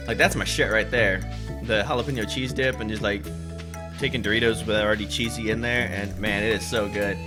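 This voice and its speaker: A man's voice: on the low side, fairly even intonation, brisk. A man giving rambling, chatty let's play commentary while playing a farming game, with casual swearing. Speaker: gaming channel host. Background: game music.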